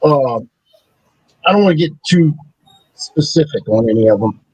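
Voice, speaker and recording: A man's voice: a little high, expressive, moderate pace, a little mellow, husky, no echo, rough recording. A man in a casual panel chat, talking hesitantly with many fillers and restarts.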